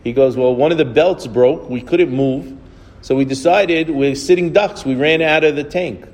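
Storytelling rabbi in a reverberant room. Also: male voice, on the high side, moderate pace, darkish tone. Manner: conversational, repeats and restarts words, acts out dialogue in stories. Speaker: rabbi teaching a class. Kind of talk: informal Torah class with storytelling.

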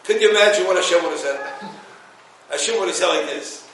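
Animated man telling a Torah story. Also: high-pitched, fast talker. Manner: animated storyteller, acts out quotes, laughs at his own jokes. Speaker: Torah teacher. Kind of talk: informal Torah talk with stories. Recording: echoey room, distant mic, faint noise.

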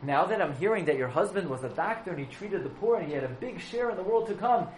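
A man playing a stubborn village butcher who talks in a blunt, matter-of-fact way and will not budge. The voice sits slightly high and echoes in a roomy space. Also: lively intonation, fast, slight background noise. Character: stubborn small-town butcher, blunt and unyielding.

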